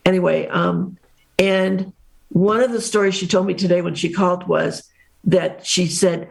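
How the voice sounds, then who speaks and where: A woman's voice: fairly low pitch, measured pace, vocal fry. An older woman, a guest on a family podcast, telling rambling family anecdotes in casual chat.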